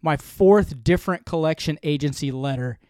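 Profane, ranting man with a high-ish voice. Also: normal speed, no room sound, studio quality. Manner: profane, defiant, animated ranting. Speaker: podcast co-host. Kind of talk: casual podcast chat.

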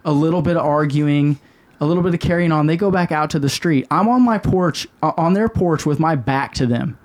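Middle-aged male podcast host, slightly high voice, swears freely and tells stories with animated emphasis. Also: a little fast. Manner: profane, animated, emphatic storyteller. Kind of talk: casual storytelling chat.

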